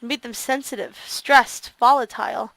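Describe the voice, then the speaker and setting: A woman's voice: fairly high pitch, fairly even intonation, normal speed, vocal fry, pushed and bright, dry recording. A woman streamer reading a visual novel aloud and reacting expressively to it.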